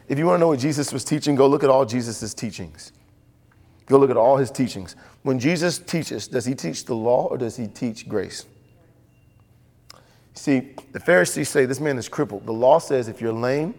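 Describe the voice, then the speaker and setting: A man preaching a sermon with animated delivery, acting out voices in the stories he tells. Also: mid-range voice, long reverb tail. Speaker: pastor.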